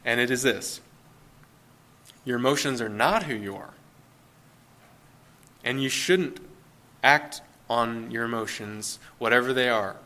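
Man, pastor, conversational sermon, bright forceful voice, laughing asides, frequent restarts. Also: medium pitch, unhurried, long pauses. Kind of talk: informal sermon.

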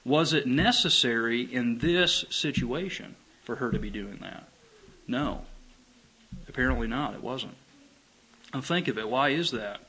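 A man preaching a sermon in an earnest way, asking rhetorical questions and stressing words gently. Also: mid-range voice, measured pace, breathy edge, poor audio. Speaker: pastor.

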